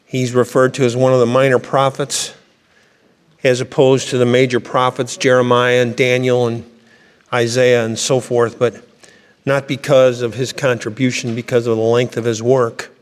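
A male pastor preaches a sermon in a church, his mid-pitched voice carrying through a long reverberant hall. He reads scripture aloud and builds emphasis on key lines. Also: flat delivery, moderate pace. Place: church sanctuary.

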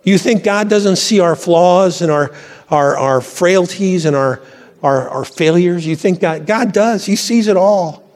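A pastor preaching a sermon to his church, fervent and swelling to high exclamations. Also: a little slow, a little mellow. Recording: long reverb from a church hall.

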